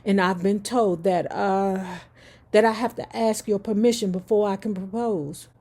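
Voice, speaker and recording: Woman playing a jittery young prince, stammery and hesitant, warm husky tone. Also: medium pitch, steady tone, a little slow. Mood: nervous. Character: nervous young prince asking his grandmother's permission.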